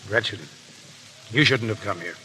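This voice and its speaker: An actor playing a proud, brooding pirate captain in a 1930s radio play. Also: male voice, on the low side, normal speed, sharp tone, a little hiss or hum, low-quality recording. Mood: grave.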